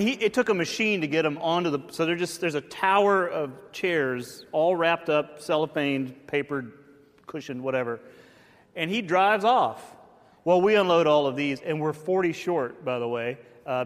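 A man's voice: fairly high pitch, a bit bright, in a large hall. A man, the church's pastor, telling a funny story and making announcements in a casual, self-deprecating way. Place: church sanctuary.

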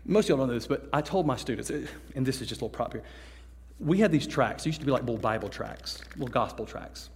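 A man preaching a story-driven sermon as a youth pastor, acting out voices and swinging from hushed to loud. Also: medium pitch. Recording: long echo of a large hall.

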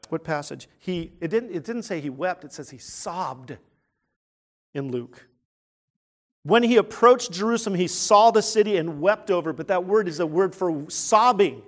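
A man preaching a sermon in an earnest way, asking rhetorical questions and swinging from quiet, hushed points to loud, emphatic ones. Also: high voice, expressive, normal speed. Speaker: pastor.

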